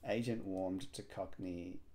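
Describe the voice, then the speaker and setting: A man solving a cryptic crossword aloud, musing and hesitant, with frequent pauses and fillers. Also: sits low, steady tone, mellow. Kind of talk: thinking aloud while solving.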